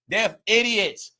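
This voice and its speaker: A young man hosting a live gossip commentary stream, loud and laughing, often calling out to viewers. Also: sits high. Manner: loud, laughing, repetitive, addresses viewers as y'all. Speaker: commentary host.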